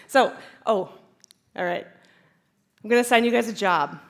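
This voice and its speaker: A chiropractor speaking at a conference before a live audience, animated and laughing often as she acts out inner voices. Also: a little high, normal speed. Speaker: chiropractor giving a conference talk. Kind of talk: lively conference talk.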